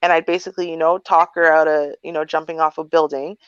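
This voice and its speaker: A woman's voice: deep voice, little pitch movement, fast talker, smooth, dry recording. A woman in her thirties hosting a livestream, telling a personal story in a blunt, candid, talkative way. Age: 30s. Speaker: livestream advice host. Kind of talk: casual storytelling chat. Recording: dry, dull lo-fi sound.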